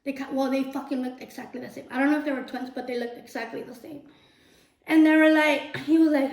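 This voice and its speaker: A young woman vlogger chatting casually while she cooks in her kitchen, telling a story in a chatty, animated way and swearing freely. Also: high-pitched, fast. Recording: roomy echo.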